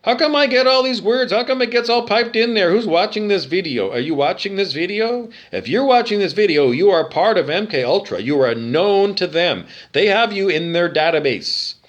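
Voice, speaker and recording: Canadian guy ranting at the camera, cursing and repeating himself, voice high and swinging all over. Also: lively intonation, normal speed, few pauses, lo-fi sound. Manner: agitated, repetitive, profane, rhetorical questions. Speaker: video monologue speaker.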